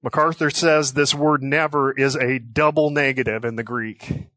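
A man preaching a sermon, earnest and measured, leaning on key words by slowing right down. His voice sits at an ordinary middle pitch. The sound is dry and close, with no room echo. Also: sharp tone. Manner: earnest, slows for emphasis on quoted scripture. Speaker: pastor.

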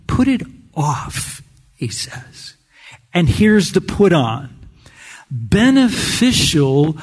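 A man preaching a sermon in a slow, folksy storytelling way, often clearing his throat. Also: a little high, in a large hall.

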